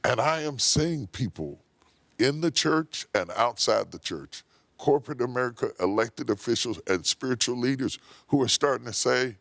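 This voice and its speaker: A man's voice: medium pitch, lively intonation, normal speed, vocal fry, fairly bright tone, no echo. A man who is a bishop, telling a personal story in an emphatic, preacherly way during a TV studio interview.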